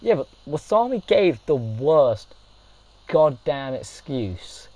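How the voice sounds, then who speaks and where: Animated young man telling stories. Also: on the high side, slow pace, dry recording, poor audio. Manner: animated, swears, laughs while talking. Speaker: channel host. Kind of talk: casual storytime chat.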